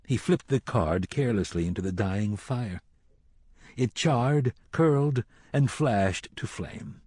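A man narrating a dark fantasy audiobook in a slow, dramatic reading. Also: mid-range voice, animated, husky, no room sound, clean studio sound. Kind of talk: scripted narration.

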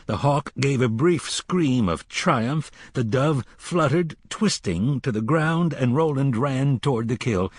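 A man reading a dark fantasy audiobook in a measured, dramatic storytelling manner. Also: medium pitch, slightly rough, dry recording, studio quality. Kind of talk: audiobook narration.

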